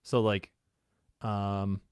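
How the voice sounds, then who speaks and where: A man's voice: fairly low pitch, flat delivery, extremely slow, a little mellow, clear, resonant tone, no echo, studio quality. A man co-hosting a casual podcast livestream, hesitating with lots of ums and laughing often. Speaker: podcast co-host. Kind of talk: casual livestream chat, word game.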